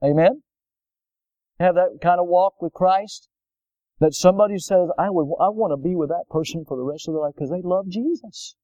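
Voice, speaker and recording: A pastor preaching a sermon, swinging from loud emphatic bursts to slow, weighty lines and closing in prayer. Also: male voice, high voice, no echo. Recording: dull lo-fi sound.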